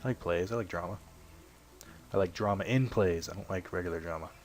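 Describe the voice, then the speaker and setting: A young man with a low, deep voice chatters loosely over a game he is playing. He wanders off topic, swears casually and pokes fun at himself, clearing his throat every so often. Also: fairly quick. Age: young adult. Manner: rambling, self-deprecating, swears casually. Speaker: let's play host. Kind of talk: casual gameplay commentary.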